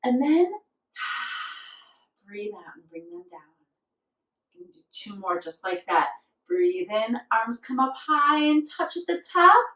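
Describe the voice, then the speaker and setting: Slow, gentle woman teaching kids yoga. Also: a little high, expressive, roomy sound, distant mic, poor audio. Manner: slow, gentle, encouraging instructions with playful animal noises. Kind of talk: guided yoga class for children.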